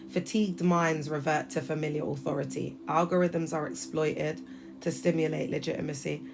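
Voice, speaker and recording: A woman's voice: sits low, moderate pace, gravelly, over music. A woman in her thirties hosting a casual livestream from her phone, talking emphatically and addressing viewers directly. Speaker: livestream host.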